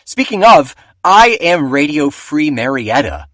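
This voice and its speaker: A wry male podcast co-host reading promos with playful flourish. His voice is a touch high and moves lively, recorded dry and close. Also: unhurried, no room sound. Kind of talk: casual comedic chat.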